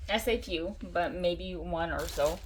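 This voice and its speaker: A woman walks viewers through a craft project in a casual, chatty way. Her voice sits a little low, and she keeps breaking into excited gushing over how cute things look. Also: measured pace, a little hiss or hum. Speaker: craft channel host.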